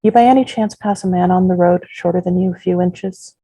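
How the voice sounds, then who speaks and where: Clipped teenage farm girl read by a woman, dark husky tone. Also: on the low side, fairly even intonation, fairly quick, no room sound, low-quality recording. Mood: tense. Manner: clipped, distracted.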